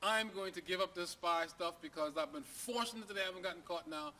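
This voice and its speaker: Brief: boastful retired spy dog, chatty and matter-of-fact, a man doing it, high bright voice. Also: brisk, a little hiss or hum.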